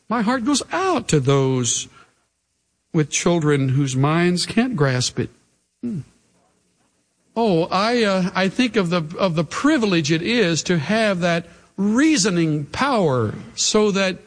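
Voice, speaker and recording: Man preaching slow and earnest, middle-aged pastor, voice climbs high then drops way down. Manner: earnest, pleading, swings from loud highs to low hushed lows. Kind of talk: sermon.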